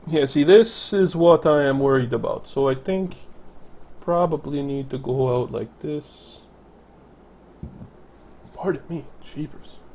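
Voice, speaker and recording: A man's voice: a little high, takes it slowly, pauses often, a little mellow, slight background noise. Rambling man narrating a city-building game. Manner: rambling, thinking aloud, self-correcting. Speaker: let's play commentator. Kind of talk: casual gameplay commentary.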